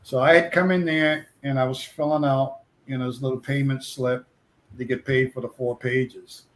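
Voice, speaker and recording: A man telling lively stories as a guest comic artist in a casual chat, acting out the voices he quotes. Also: mid-range voice, moderate pace. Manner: animated anecdote teller, acts out quoted voices.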